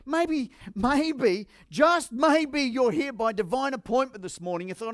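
A man's voice: extremely high pitch, animated, unhurried, hardly any pauses, dry recording, studio quality. An Australian man preaching a sermon as pastor, firing rhetorical questions at the congregation.

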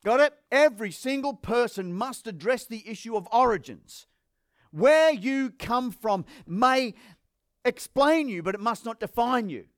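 A man's voice: very high-pitched, no echo, clean studio sound. An Australian man preaching a sermon as pastor, firing rhetorical questions at the congregation.

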